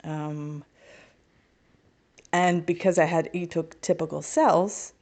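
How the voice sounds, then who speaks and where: She speaks slowly and steadily, her voice on the low side with a darkish tone: a middle-aged spiritual healer guesting on a podcast. Her personal story comes out candid and wry, with plenty of self-deprecating humor.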